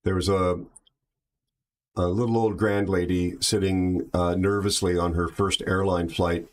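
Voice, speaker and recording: Very low-voiced man chatting on a livestream. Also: little pitch movement, a little slow. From aviation background. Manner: chatty, tells jokes, reads chat aloud. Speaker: livestream host. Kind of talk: casual livestream chat.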